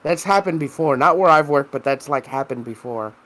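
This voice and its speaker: A man's voice: a little high, lively intonation, brisk, fairly bright tone. Rambling, profane man telling stories. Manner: rambling, profane storytelling full of fillers. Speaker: podcast co-host. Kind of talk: casual chat.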